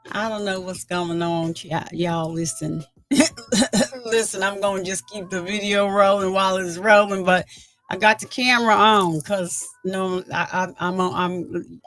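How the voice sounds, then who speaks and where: A woman hosting a casual livestream, talking indignantly and chatting with her viewers. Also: medium pitch. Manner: animated, indignant, chats with viewers. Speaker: livestream host.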